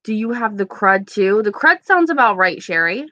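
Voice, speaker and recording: A woman's voice: mid-range voice, big pitch swings, normal speed, bright, forceful tone, no echo, dull audio. A young woman hosting a casual live stream with a sore, stuffy throat, chatting with viewers and answering them by name. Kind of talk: casual live-stream chat reading comments.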